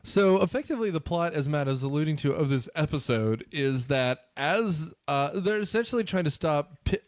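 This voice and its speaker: Male podcast fill-in host, high pitch, sarcastic ranter. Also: expressive, normal speed. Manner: sarcastic, ranting. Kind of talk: casual podcast banter.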